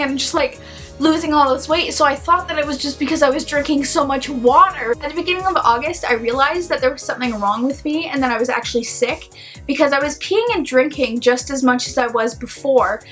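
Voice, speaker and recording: A young woman tells her own story in a relaxed, casual vlog. Her voice sits high, and she talks in an animated, chatty way with plenty of "like". Soft music plays quietly underneath. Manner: chatty, animated, heavy use of "like". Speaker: vlogger.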